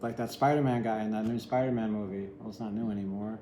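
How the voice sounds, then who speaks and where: A man's voice: fairly low pitch, fairly even intonation, quick pace, mellow, echoey room, slight background noise, rough recording. A man giving a casual, rambling tarot reading, candid and sometimes swearing. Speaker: tarot reader.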